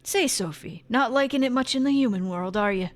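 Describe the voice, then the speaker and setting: A woman voicing a friendly, gruff male fairy dwarf craftsman with a put-on accent, talking slow and low. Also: natural voice. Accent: put-on accent, British-sounding.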